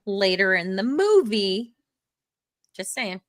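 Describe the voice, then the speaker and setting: A woman's voice: mid-range voice, sing-song, slow. A woman co-hosting a movie review podcast over a call, giggling as she recaps the plot. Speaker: podcast co-host. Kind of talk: casual chat.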